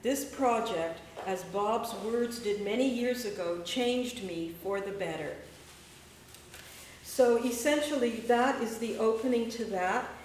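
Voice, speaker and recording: A woman poet giving a measured, deliberate poetry reading and spoken-word performance in a gallery. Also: a little high, darkish tone, a little hiss or hum. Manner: measured, deliberate, rhythmic delivery. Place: echoey gallery hall. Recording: echoey room, mic far away.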